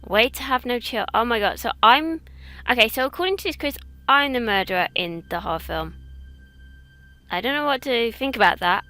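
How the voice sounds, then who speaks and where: Bright chatty young English woman. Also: fairly high pitch, lively intonation, moderate pace. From England. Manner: chatty, rambling, self-mocking. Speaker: YouTuber. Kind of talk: casual quiz commentary.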